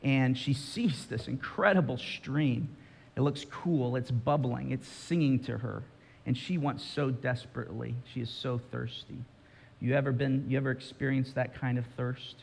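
A man's voice: medium pitch, normal speed, creaky, slightly rough. A male pastor preaching a sermon, telling a story with drama and speaking directly to his listeners. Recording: reverberant hall.

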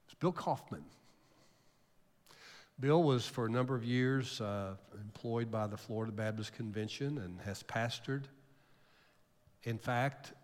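An older man, a pastor preaching a sermon, telling a story emotionally, jumping from loud bursts to near-whispers. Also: mid-range voice, unhurried, pauses often. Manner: emotional storytelling with sudden loud rises and soft drops. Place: church sanctuary. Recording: long hall reverb.

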